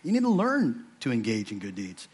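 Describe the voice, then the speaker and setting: A man's voice: medium pitch, wildly swooping pitch, fairly quick, a little mellow, husky. A man preaching an earnest sermon to his own church, stressing points by repeating phrases. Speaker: pastor.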